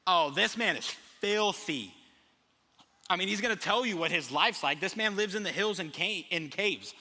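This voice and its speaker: A young man preaching a sermon, animated, acting out little scenes as he tells the story. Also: high voice, moderate pace. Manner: animated storytelling with acted asides. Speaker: pastor. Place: large church hall. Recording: long reverb of a big hall.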